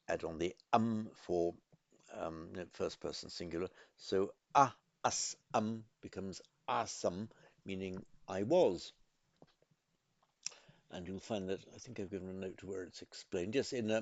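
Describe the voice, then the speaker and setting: Guy slowly walking through a lesson, low voice, dry and kinda dull sound. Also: no echo. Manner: careful, methodical, pausing to correct himself. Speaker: Sanskrit teacher. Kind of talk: explanatory lesson.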